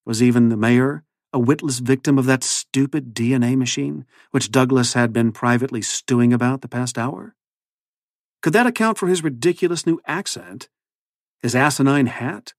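A male author reads his own novel in a measured, low-key way. The recording is dry and close, with a middle-pitched voice. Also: no echo.

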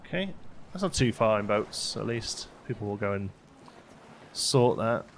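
A man's voice: fairly low pitch, lively intonation, a little slow, a little hiss or hum. A man hosting a let's play, chatting casually as he plays and talking to his game characters. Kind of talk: casual gameplay commentary. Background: faint game music.

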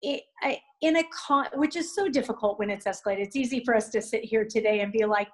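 A woman's voice: high voice, poor audio. A middle-aged mother speaking on a faith-based panel in an earnest, encouraging way, often acting out what to say. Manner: earnest, encouraging, quick with asides. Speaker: youth ministry guest mom.

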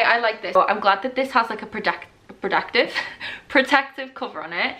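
A young woman chatting casually in a book unboxing vlog, excitable and gushing, often laughing as she talks. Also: fairly high pitch, brisk, slight background noise. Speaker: book vlogger. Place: indoors at home, rain outside.

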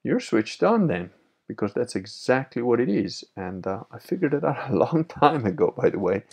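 A man's voice: medium pitch, animated, brisk, vocal fry, breathy edge. A man hosting a livestream, reading chat messages aloud and answering them bluntly with frequent laughs. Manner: blunt, opinionated, laughs often.

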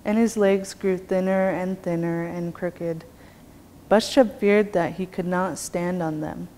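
Unhurried woman telling a traditional tale, lowish voice, faint noise behind. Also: fairly even intonation, mellow. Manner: slow, measured, rhythmic telling. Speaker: storyteller, language teacher. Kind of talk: traditional storytelling. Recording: long reverb, faint background noise.

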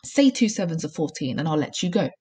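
A woman's voice: low voice, sing-song, quick pace, mellow, breathy edge, exaggerated voice. A woman reading aloud and voicing a huge, cruel headmistress who barks and snaps orders at children. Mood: barking. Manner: barking, snapping commands. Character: huge bullying female headmistress, cruel and furious.

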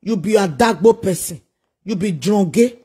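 A man's voice: high voice, measured pace, dark tone, husky. A man with a Nigerian accent delivering a preachy, scolding monologue full of repeated rhetorical questions. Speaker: social media commentator.

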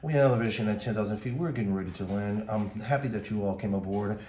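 A man voicing a male airline pilot who makes a stumbling, falsely reassuring cabin announcement in a deep, put-on announcer voice, recorded in an echoey room. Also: fast, a little mellow, slight background noise, lightly acted. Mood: mock-polite. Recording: roomy echo.

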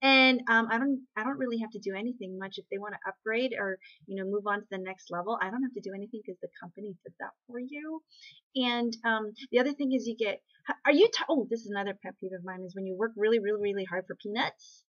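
A woman talking casually to camera in an animated rant, asking rhetorical questions and restarting her sentences. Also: medium pitch, fast talker, muffled recording. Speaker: network marketing vlogger.

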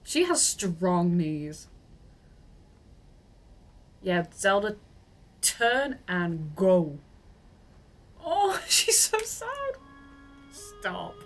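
A woman streaming a video game live, reacting in an excitable, giggly way and cheering the character on. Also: lowish voice, extremely slow, long pauses. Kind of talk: live gameplay commentary.

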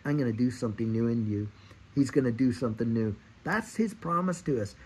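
A man's voice: mid-range voice, lively intonation, fairly quick, breathy edge, rough recording. A man in his fifties giving an earnest, exhorting sermon and repeating his key phrases. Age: 50s. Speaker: Christian speaker.

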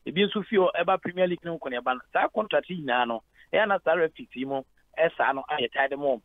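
Over a tinny phone line, with no echo, a man calls a radio show as a head of sport and gives long-winded sports analysis. He has a Ghanaian accent and slips English into his Twi. His slightly high voice is animated and fast.

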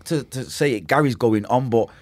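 A man's voice: mid-range voice, moderate pace, dry recording. A man with a Manchester accent, a podcast guest telling his story in a casual interview, acting out quotes and sound effects, with street slang. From Manchester, England. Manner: vivid storyteller, acts out quotes and makes gunshot sounds; street slang, swears oaths.

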